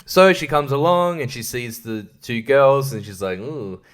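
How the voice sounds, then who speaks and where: Smooth and expressive at a medium pitch and normal speed, this man hosts a podcast where he picks apart a film with sarcasm, rambling tangents, frequent profanity, and laughter at his own gags.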